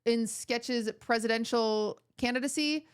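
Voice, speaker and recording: Young adult female streamer, casual joking chat with viewers, slightly high pitch. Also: measured pace, clean tone. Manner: joking, rambling, mock-outraged.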